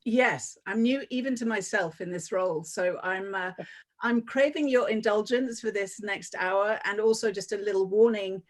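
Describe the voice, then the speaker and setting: A woman from the UK joins a video call panel as a guest. She talks in a wry, self-deprecating way, at an ordinary pitch for a woman. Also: normal speed. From United Kingdom. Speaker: festival director guest. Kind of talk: panel conversation.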